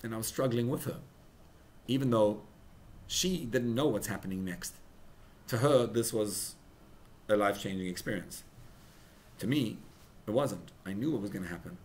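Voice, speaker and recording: A young rabbi preaching at a farbrengen, emotional, building to loud emphatic peaks and mixing in Hebrew and Yiddish words. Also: male voice, on the low side, moderate pace. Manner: mixes in Hebrew and Yiddish terms. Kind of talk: sermon at a farbrengen gathering.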